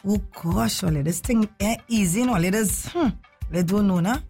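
A woman's voice: mid-range voice, a little fast, creaky, mellow, faint music behind. A woman with a Trinidadian accent hosting a casual live stream, chatting playfully with viewers in dialect.

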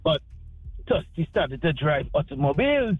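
A man calling in to a radio show, telling his story with animated emphasis. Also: a little high, normal speed, husky, dry recording. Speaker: caller. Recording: dry tinny phone line.

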